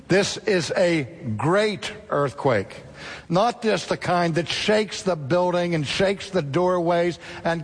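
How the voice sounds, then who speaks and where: Gravelly preacher man in a reverberant hall. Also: a little high. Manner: dramatic storytelling, acting out quotes, sudden shifts of pace. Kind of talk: sermon. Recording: long reverb of a large hall.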